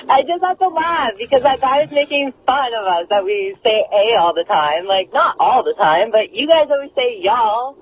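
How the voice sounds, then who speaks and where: A woman's voice: fairly high pitch, moderate pace, slight background noise. A woman in her twenties from Canada calling in to a radio show, giggly and flirty. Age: 20s. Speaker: caller. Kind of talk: casual phone-in chat. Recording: tinny phone line.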